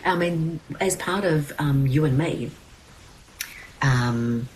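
A woman's voice: low-pitched, takes it slowly, a little mellow, slight background noise, rough recording. A middle-aged woman, an interview guest speaking earnestly, with many fillers and restarts. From New Zealand. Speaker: guest, children's TV presenter and producer. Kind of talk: interview conversation.

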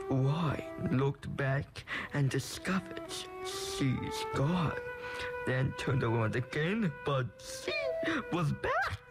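Slow storyteller with big swoopy pitch, reading a spooky story over music. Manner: slow and expressive. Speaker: host and storyteller. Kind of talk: reading a homemade bedtime story.

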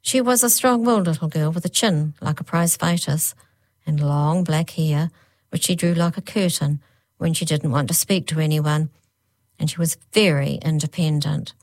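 Storybook narrator, female, lower register, slows for suspense, close dry recording. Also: darkish tone, no room sound. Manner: slows right down on spooky phrases. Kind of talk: storybook reading.

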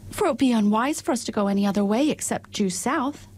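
A woman's voice: a little high, fast, darkish tone, slightly rough, voice pushed up. A woman voicing an earnest, polite young girl traveler in a storybook reading.

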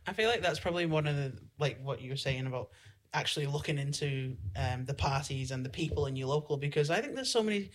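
A man's voice: a little high, quick pace. A man co-hosting a podcast, casual and light-hearted, laughing as he talks. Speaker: podcast co-host. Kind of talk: casual interview chat.

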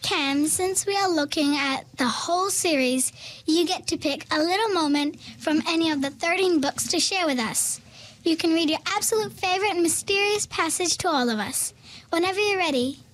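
A woman hosts a book discussion and invites a guest to read. She speaks in a warm, encouraging way, and her voice is very high. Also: normal speed, a little hiss or hum. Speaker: host.

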